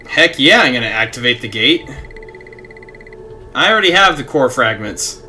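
Here a young male gaming streamer sounds very animated, speaking at normal speed in a mid-range voice with a sharp tone. He chats casually, reads game text aloud and laughs at his own antics during a let's play. There's slight background noise along with faint game music.

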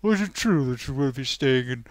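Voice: medium pitch, animated, moderate pace, dry recording, close to an everyday voice. A comedy film reviewer doing an impression of a meek, flustered English actor who stammers "oh, oh" before every phrase. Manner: stammering "oh, oh" flutter.

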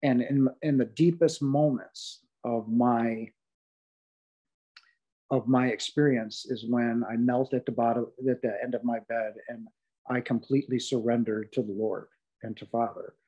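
Speaking a little slowly in a steady, dark-toned mid-range voice, a podcast guest describes nearly dying. He stresses his words with feeling, often using fillers and starting over. The sound is lo-fi.

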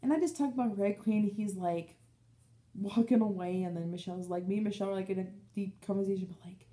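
Chatty young woman with a mellow voice. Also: medium pitch, quick pace. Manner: rambling, animated storytelling with acted-out quotes. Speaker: book vlogger. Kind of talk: casual chat.

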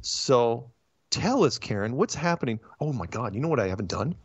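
Male host with a lively, ranting delivery, dry and slightly muffled stream audio. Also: medium pitch, husky, no room sound. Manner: animated, ranting, quick asides and restarts. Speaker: podcast host. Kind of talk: casual chat.

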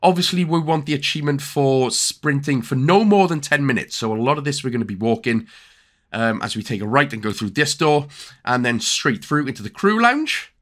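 A man's voice: medium pitch, animated, a little fast, a bit bright. A young man with a Welsh accent giving chatty, jokey game walkthrough commentary with lots of fillers. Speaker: gaming YouTuber.

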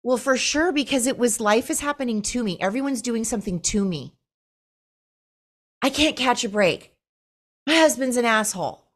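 A woman's voice: on the high side, animated, moderate pace, pauses often, fairly bright tone. Female podcast guest, candid and blunt, casual talk. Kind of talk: casual interview chat.

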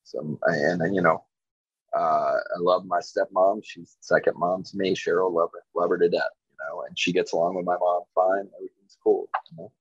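A man's voice: low voice, flat delivery, brisk, slightly rough, no room sound, highs cut off. A man from Virginia in his forties, a podcast guest telling stories in a laid-back way, full of "like" and "you know". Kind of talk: casual chat.

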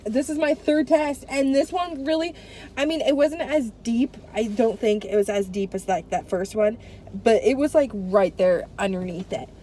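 A woman travel vlogger with a stuffy, runny nose chats casually, rambling and venting in a slightly high voice at normal speed. She's in a car beside a busy road, with steady traffic noise in the background.

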